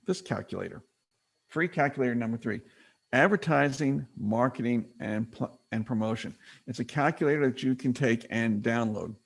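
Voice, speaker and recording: A middle-aged man leads a business training webinar in an easy, conversational teaching manner. His voice has a gravelly edge and sits at a medium pitch. He drops into short acted quotes when he retells a story. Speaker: webinar presenter.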